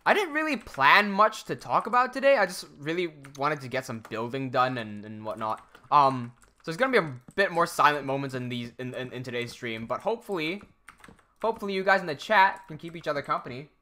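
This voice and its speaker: A man's voice: a little high, animated, brisk, sharp tone. A young adult man chatting casually on a live stream while gaming, rambling and often cutting himself off. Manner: rambling, self-interrupting, reads chat aloud.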